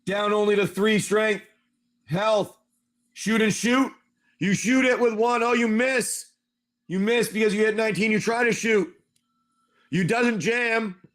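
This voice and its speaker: High-voiced male game master. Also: unhurried, pauses often. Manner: animated, play-by-play narration. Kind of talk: narrating a tabletop game on a live stream.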